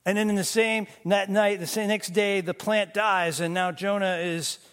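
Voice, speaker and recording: A man preaching a sermon as pastor, moving between emphatic bursts and hushed, slow lines. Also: high-pitched, fairly even intonation, clear, resonant tone. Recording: long reverb of a church hall.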